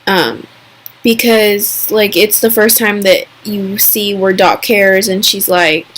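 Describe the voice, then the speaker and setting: A young woman talks through a TV episode recap in a loose, excitable vlog voice. She piles on fillers and slips into quick, exaggerated impressions of the characters. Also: mid-range voice. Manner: chatty and excitable, full of fillers and "like".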